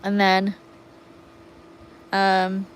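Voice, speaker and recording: This English livestream host sits outside by a pool in the sun, chatting casually with viewers and naming them as she greets them, between baby-talk and calls to her dogs. Her mid-range voice is monotone with drawn-out words, on a low-quality recording with a little hiss or hum.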